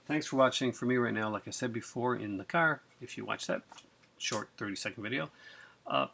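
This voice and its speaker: A man hosting a casual unboxing vlog who talks in an excitable, rambling way with many fillers. He sounds chilled from being out in the cold and rain. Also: medium pitch, a little fast, gravelly, slight background noise. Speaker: video host.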